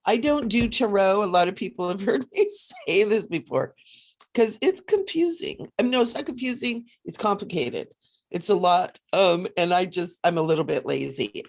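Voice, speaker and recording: Woman, lowish voice, chatty livestream host, laughs a lot, card readings. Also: vocal fry. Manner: chatty, laughs often, animated.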